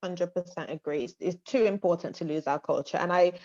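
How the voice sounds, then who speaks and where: Low-voiced woman hosting a panel. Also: brisk, a little mellow, no room sound. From Montserrat. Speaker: panel host. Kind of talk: moderating an online panel. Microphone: video call. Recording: dull lo-fi video call audio.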